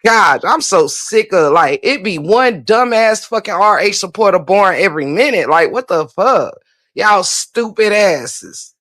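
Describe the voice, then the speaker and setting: A woman's voice: medium pitch, lively intonation, a little slow, a bit bright, dry recording, clean studio sound. A woman hosting a livestream, ranting bluntly and profanely while answering viewer comments, repeating her points for emphasis. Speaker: livestream host.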